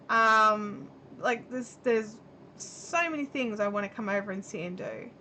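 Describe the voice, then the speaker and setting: A middle-aged Australian livestream host crochets at home and chats in a meandering way, reading out comments from viewers. Her fairly high voice is unhurried and sharp in tone. The camera mic picks up slight background noise.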